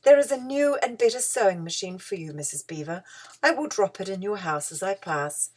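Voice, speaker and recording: Father Christmas, slow and solemn voiced by a woman. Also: medium pitch, expressive, a little mellow, lightly acted. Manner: slow, grave and deliberate. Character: huge glad solemn old Father Christmas.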